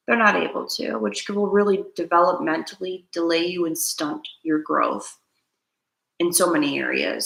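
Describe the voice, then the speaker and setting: Female host, earnest and preachy, low gritty voice, roomy echo. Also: normal speed, gravelly, a bit bright. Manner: earnest, preachy, repeats key lines, asks viewers to comment. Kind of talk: spiritual self-help talk to camera.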